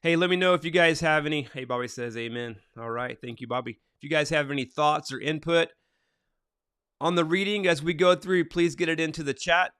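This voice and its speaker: A man's voice: fairly high pitch, a bit bright, clear, resonant tone, dry recording, clean studio sound. A middle-aged man hosting a casual morning devotional livestream, reading Bible passages aloud and then chatting loosely about them and about viewers' comments. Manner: reads scripture aloud, then chats loosely and answers comments from the live chat. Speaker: livestream host reading scripture.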